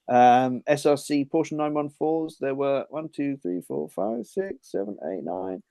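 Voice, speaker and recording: Gravelly-voiced man reading out race results. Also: medium pitch, animated, unhurried, mellow, dry recording. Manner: dry, understated, reads out results. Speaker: podcast co-host. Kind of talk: casual chat.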